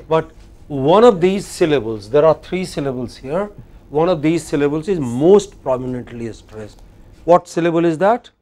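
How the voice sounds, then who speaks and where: A man with an Indian English accent teaching a classroom lecture, slow and deliberate, often putting questions to the class. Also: on the high side, expressive, a little mellow.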